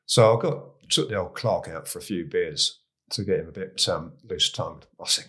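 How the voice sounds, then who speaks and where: A man in his sixties with an English accent, telling stories as a guest in a relaxed, chatty way. His voice sits a bit low, and he stumbles, restarts and chuckles at his own tales. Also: brisk. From England. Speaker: guest, retired police chief. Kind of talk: casual anecdotal storytelling.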